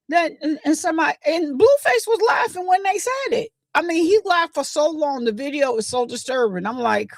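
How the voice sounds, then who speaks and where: A woman, hosting a casual gossip livestream, telling the story in a chatty, animated way and acting out what others said. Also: high voice, normal speed, hardly any pauses, no echo. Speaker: livestream host.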